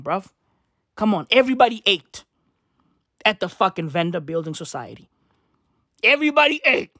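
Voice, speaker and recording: A woman's voice: mid-range voice, no echo, studio quality. Ranting woman comedian. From South Africa. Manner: swearing, ranting, keeps tossing in "right?" and "bruv". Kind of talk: profane comedic rant.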